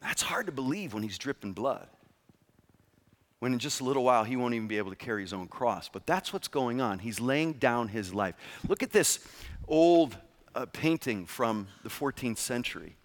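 A man preaching a sermon, emphatic and lively, often asking his listeners rhetorical questions. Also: medium pitch, moderate pace. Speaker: pastor. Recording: long reverb of a large room.

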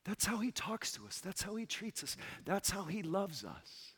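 A man in his forties preaching a sermon as pastor, tender and personal, dropping to a soft hush when quoting. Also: high-pitched, sing-song, normal speed, breathy edge.

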